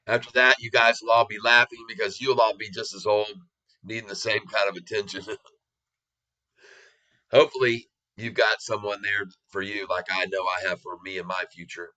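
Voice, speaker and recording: A man's voice: fairly low pitch, level tone, normal speed, long pauses, pushed and bright, rough recording. An older man giving casual, confident stock chart commentary, joking and chuckling often. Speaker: stock market vlogger.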